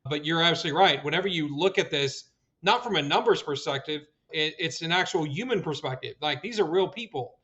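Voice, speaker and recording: Higher-voiced man hosting a podcast, dull audio. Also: animated, a little fast, pushed and bright. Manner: earnest, agreeable, chimes in often. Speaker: podcast host. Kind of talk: casual podcast conversation.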